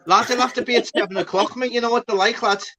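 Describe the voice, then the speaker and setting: Guy hosting a live chat, fairly high voice, rambles and swears nonstop, all over the place. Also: quick pace, over a noisy crowd. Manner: swears a lot, rambling and excitable. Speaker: host of a live stream chat. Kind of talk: casual banter.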